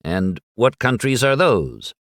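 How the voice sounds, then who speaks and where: A man voicing a stern female schoolteacher who quizzes her class with crisp, probing questions. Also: medium pitch, sing-song, slow, a bit bright, no echo, clean studio sound, full character voice. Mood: quizzing.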